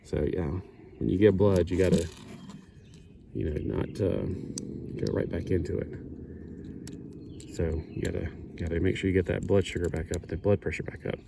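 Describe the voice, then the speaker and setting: Against a noisy background, a middle-aged hobby builder chats at a moderate pace while working on a kit. His low-pitched voice carries vocal fry and little pitch movement, and he pauses often. It's a casual build-along: he rambles, corrects himself, and adds chuckling asides.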